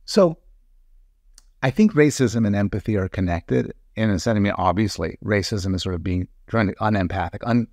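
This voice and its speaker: A man's voice: mid-range voice, a little mellow, no room sound, studio quality. A man, a psychologist guest in a podcast interview, arguing his points in a careful, reasoned way. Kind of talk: conversational interview.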